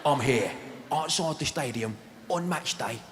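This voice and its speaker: A man's voice: mid-range voice, lively intonation, measured pace, a little hiss or hum, pitched below the performer's own voice. A man doing a jittery swearing hard man. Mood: nervous. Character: male TV hard-man presenter, boastful yet nervous. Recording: echoey hall with loud crowd.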